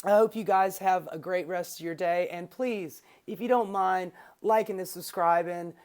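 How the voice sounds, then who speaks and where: A woman's voice: lowish voice, moderate pace, darkish tone. A woman YouTube commentator ranting casually and profanely about the news.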